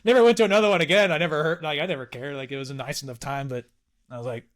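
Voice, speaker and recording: Young guy telling a story, swears a lot, jumps up high doing other people's voices. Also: very fast. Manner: animated, swears freely, acts out others' lines in a raised voice. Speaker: podcast guest. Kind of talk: casual storytelling chat.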